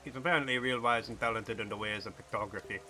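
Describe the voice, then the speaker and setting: A gossipy talking fish from a video game, rattling off island news in a put-on Jamaican-flavored lilt, as a man puts him on. The voice is bright and forward, with faint music underneath. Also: on the low side, fast talker. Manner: put-on Jamaican-sounding accent. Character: chatty male fish giving island gossip.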